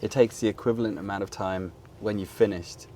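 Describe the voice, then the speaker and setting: An Englishman in his forties with a lowish voice hosts a relaxed interview and laughs easily between questions. A faint hiss runs beneath the recording. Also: brisk. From England. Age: 40s. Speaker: host, interviewer. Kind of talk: casual interview.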